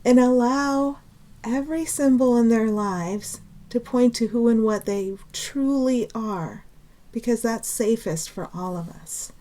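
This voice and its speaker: A woman's voice: fairly high pitch, measured pace. A woman giving an unscripted spiritual talk, emotional and earnest, laughing often between phrases as she teaches. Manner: pleading, then calming herself down.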